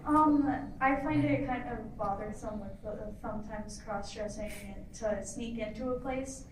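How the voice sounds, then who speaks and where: A woman's voice: fairly high pitch, unhurried. A woman in the audience asking a question hesitantly, with many fillers. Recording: roomy hall from far off, noisy.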